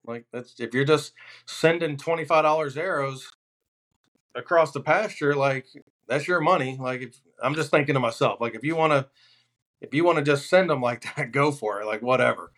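A man's voice: medium pitch, normal speed. Man spinning hunting yarns. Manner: animated, deadpan punchlines in anecdotes. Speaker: hunting outfitter guest. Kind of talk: casual podcast storytelling.

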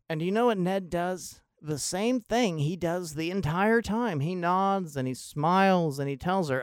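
A man's voice: high voice, expressive, a little slow, few pauses, clear, resonant tone, no room sound, clean studio sound. A man giving an intense, analytical and sometimes profane monologue about a film, in video-essay style. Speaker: film commentator.

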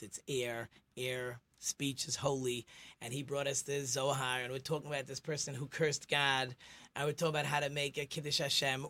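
A man's voice: a little high, fairly bright tone. A middle-aged man, a rabbi hosting a radio talk show, chatty and teacherly, telling jokes.

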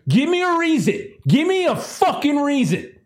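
A man's voice: very high-pitched, huge pitch swings, moderate pace, pitched above the performer's own voice, exaggerated voice. A man plays a hulking, hot-headed marine who screams threats with a raised, tight voice. He is furious and trigger-ready. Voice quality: yelling, cursing. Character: swole angry male marine, gun drawn.

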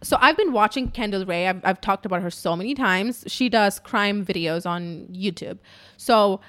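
A woman's voice: medium pitch, normal speed, fairly bright tone. Swearing, emotional woman telling a story. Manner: emotional, frequent swearing, lots of "like" fillers. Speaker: podcaster and YouTuber. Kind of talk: casual storytelling to an audience.

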